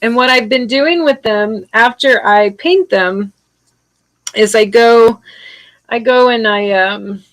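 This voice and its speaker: A woman's voice: a little high, slow pace, fairly bright tone, no echo, rough recording. A middle-aged woman chatting casually while she paints on a live stream, rambling with many restarts and answering viewer comments.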